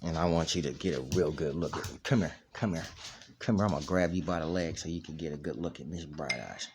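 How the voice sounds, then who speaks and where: With an extremely low pitch and a fast delivery, a man chats casually over a noisy background, hosting a dog vlog indoors at home. Recorded on camera, he rambles while playing with his dog and keeps repeating "you know what I mean."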